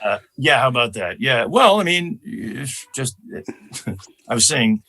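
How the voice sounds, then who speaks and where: A man from Chicago with an American accent, a comedian talking as a podcast guest, animated and quick to slip into impressions. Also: mid-range voice. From Chicago, USA. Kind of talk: podcast conversation.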